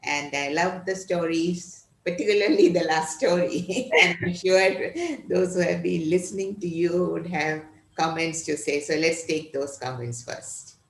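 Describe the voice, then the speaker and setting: A woman's voice: fairly low pitch, steady tone, measured pace, roomy sound. A woman moderator thanking the speaker graciously and opening the floor for comments. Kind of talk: event moderation.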